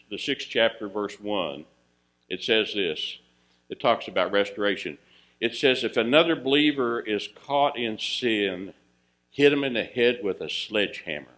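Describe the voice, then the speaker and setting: A man's voice: a bit bright, low-quality recording. A man preaching a sermon in a folksy way, asking his listeners questions and lifting his voice when he quotes scripture. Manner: rises in pitch and volume reading scripture, drops low for asides; folksy, asks the audience questions. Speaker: pastor.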